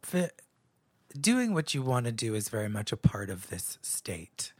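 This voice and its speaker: A man's voice: mid-range voice, big pitch swings, breathy edge, no echo. A man co-hosting a podcast in casual chat, with a dry, sarcastic way of talking. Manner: dry, sarcastic, drawn-out repetitions. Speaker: podcast co-host.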